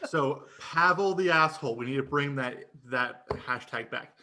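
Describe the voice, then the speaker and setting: A man co-hosting a podcast, telling a story in casual chat, animated and profane, laughing often and acting out what people said. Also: medium pitch, normal speed, a little hiss or hum. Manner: animated, laughing storyteller who swears and acts out quotes. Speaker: podcast co-host.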